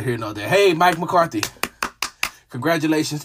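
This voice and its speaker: A man hosting a solo sports show, talking in a dramatic, emotional way that jumps between hushed asides and shouting. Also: fairly high pitch, lively intonation, moderate pace, a little hiss or hum. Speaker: sports podcast host. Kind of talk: animated solo sports commentary.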